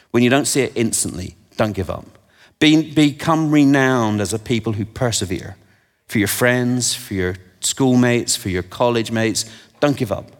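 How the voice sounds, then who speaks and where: A man delivers a sermon with animated storytelling and wry asides about himself. His voice sits at a middle pitch for a man. It carries with a long reverb from a large hall. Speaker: preacher. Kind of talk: sermon with anecdotes.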